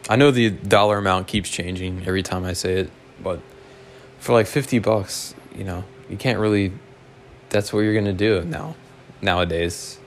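A man with a lowish voice tells a story the way a podcast host does. He wanders off on tangents, swears freely and makes fun of himself. It sounds loose and unscripted. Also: fairly even intonation, normal speed, a little hiss or hum. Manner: rambling, profane, self-mocking. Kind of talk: casual storytelling monologue.

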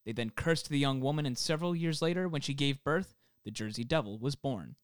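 A man co-hosting a casual podcast, reading a legend aloud from his notes in an animated way. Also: mid-range voice, fairly quick, clean tone, no echo, studio quality. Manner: animated, reads the story aloud. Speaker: podcast co-host, story reader.

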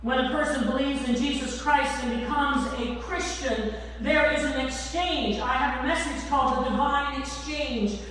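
A high-voiced woman pastor preaches slowly and emphatically, drawing out the ends of her lines. She is recorded from a distance in a large church hall, with a long, echoing reverb and faint room noise behind her. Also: a bit bright. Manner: slow, emphatic preaching with drawn-out endings. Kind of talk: sermon. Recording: echoey church hall from far off.

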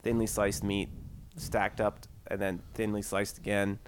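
A man's voice: fairly low pitch, completely flat delivery, measured pace, slight background noise. A man co-hosting a podcast, chatting casually with friends, joking and teasing with frequent laughter. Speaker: podcast co-host. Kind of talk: casual chat.

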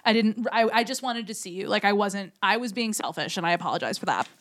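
A woman voicing a gentle, sorry young vampire. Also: mid-range voice, fast, pitched below the performer's own voice, natural voice. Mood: apologetic. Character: earnest young female vampire, apologetic and protective. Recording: live show with loud crowd noise.

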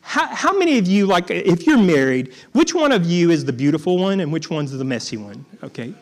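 Halting, storytelling preacher man. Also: high-pitched, sing-song. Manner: halting, repeats words, jokes with the congregation. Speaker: guest preacher. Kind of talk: storytelling sermon.

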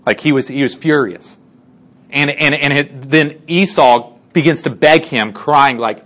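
This Bible teacher has a medium-pitched, somewhat bright voice and keeps a measured pace. He casually recounts a Bible story to a group, chatting with lots of fillers and restarts and regularly checking in for agreement.

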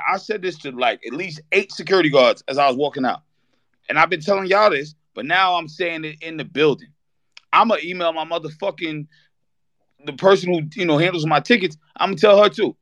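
A man co-hosting a fan show, ranting with heat and profanity, breaking into shouted bursts. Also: high voice, lively intonation, brisk, no echo. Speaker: podcast co-host. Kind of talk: heated fan rant on a live audio show.

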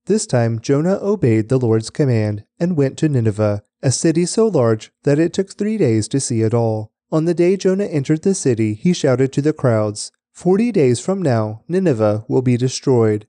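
A man reading scripture aloud for a daily podcast, with a measured, even delivery. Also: mid-range voice, no room sound.

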